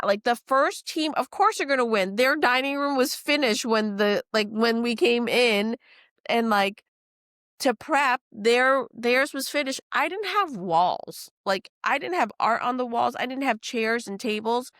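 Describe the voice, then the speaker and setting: A woman from New Orleans, a guest chef telling stories in a casual podcast chat. She swears freely and acts out other people's lines with lively quoting. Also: on the high side, measured pace, no echo, clean studio sound. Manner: animated storytelling, acts out quotes, swears freely.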